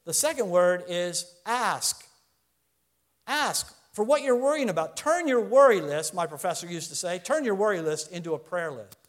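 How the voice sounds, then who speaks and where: A man's voice: sits high, animated, normal speed. A middle-aged man preaching a sermon in an earnest, conversational way, asking the congregation questions. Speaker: pastor.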